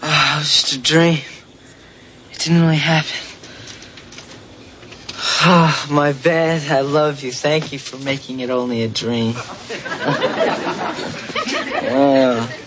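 An actor playing a young man, the teenage son, joking and animated in a sitcom. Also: a little high, takes it slowly, pauses often, some chatter behind, slight background noise. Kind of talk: sitcom acting. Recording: sitcom audio with studio audience laughter.

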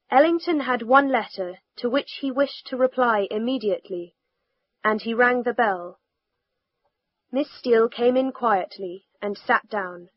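Slow, careful woman reading a lesson. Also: a little high, no room sound. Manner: careful, clearly enunciated, lively for quoted dialogue. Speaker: reader of a language lesson text. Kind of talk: slow scripted reading of a textbook story. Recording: dull, slightly lo-fi recording.

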